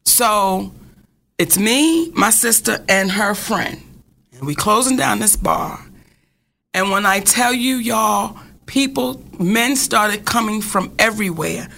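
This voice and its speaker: Woman podcast host, storytelling, crisp bright tone, gravelly edge. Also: medium pitch, slow. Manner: animated storyteller, swears freely. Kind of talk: casual storytelling chat.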